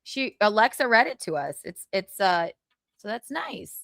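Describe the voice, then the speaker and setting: A woman's voice: medium pitch, big pitch swings, unhurried, vocal fry, a bit bright, dry recording, studio quality. A woman hosting a casual gossip live stream, sarcastic and laughing, with plenty of swearing.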